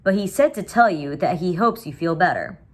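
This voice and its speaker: A woman's voice: on the low side, animated, fairly quick. A woman voicing a friendly father bear in a cheerful, easygoing way, reading a storybook aloud.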